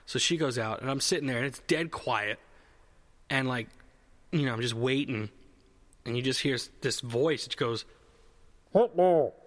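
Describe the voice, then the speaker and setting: A man's voice: medium pitch, moderate pace, pauses often, a bit bright, big-room sound. A man telling a long, rambling comedic story in casual chat, correcting himself mid-sentence and swearing freely.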